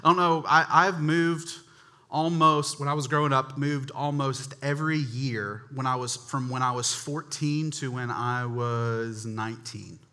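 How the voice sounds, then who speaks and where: A man's voice: medium pitch, steady tone, measured pace, sharp tone. A man from North Carolina preaching a humorous sermon, telling chatty stories and speaking directly to the congregation. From North Carolina, USA. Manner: chatty storytelling, addresses the crowd directly.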